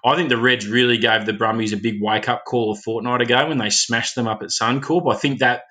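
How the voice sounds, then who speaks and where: A man's voice: mid-range voice, steady tone, brisk, sharp tone. An Australian man co-hosting a rugby podcast, chatting casually with laid-back, sarcastic banter. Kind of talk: casual chat.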